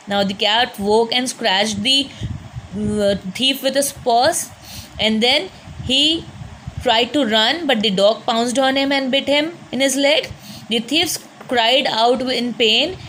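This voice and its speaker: A woman's voice: fairly high pitch, a bit bright, a little hiss or hum, low-quality recording. Patient Indian English teacher woman. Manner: patient, repeats and explains words. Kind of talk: reading and explaining a story lesson.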